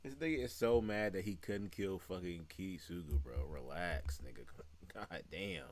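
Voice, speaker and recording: A man's voice: low voice, lively intonation, a little slow, a little hiss or hum. A man giving crude, profane, laughing reaction commentary while playing a game. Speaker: game streamer. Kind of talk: let's play reaction commentary.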